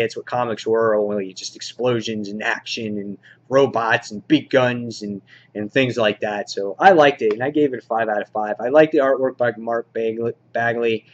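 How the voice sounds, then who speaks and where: Rambling man recapping comics, lo-fi sound. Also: mid-range voice. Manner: rambling, filler-heavy, excited retelling. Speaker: comic book reviewer. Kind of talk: casual review and plot recap.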